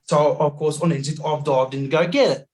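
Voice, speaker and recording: An Australian man telling a travel story as a podcast guest over a video call, animated and laughing often, acting out the people he met. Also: on the high side. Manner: animated yarn-spinning, acts out voices, laughs often.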